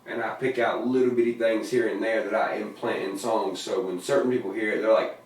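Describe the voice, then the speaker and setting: A man at ordinary speaking pitch tells laid-back, profanity-laced stories about his own song lyrics. He is recorded in a very echoey room, far from the mic. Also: fairly even intonation, fairly quick. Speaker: musician explaining his lyrics. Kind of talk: casual interview talk.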